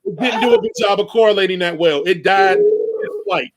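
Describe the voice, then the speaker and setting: A man co-hosting a podcast, giving an animated, jokey movie rant with swearing in a casual chat. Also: high-pitched, moderate pace. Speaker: podcast co-host.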